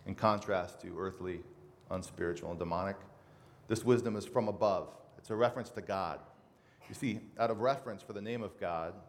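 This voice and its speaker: A man preaching a sermon as pastor, earnestly reading scripture aloud with emphasis. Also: low voice. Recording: reverberant hall with faint noise.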